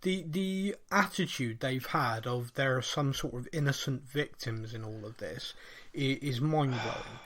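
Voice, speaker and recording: A man with a Bristolian accent, co-hosting a podcast in casual chat, telling animated stories and laughing often. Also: mid-range voice, unhurried. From Bristol, England. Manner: animated storyteller, laughs often, acts out voices. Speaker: podcast co-host.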